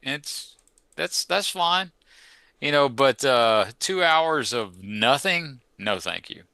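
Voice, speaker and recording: A man in his sixties co-hosting a podcast in casual chat who talks haltingly, with many restarts. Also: mid-range voice, expressive, creaky, sharp tone, no room sound, clean studio sound. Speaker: podcast co-host.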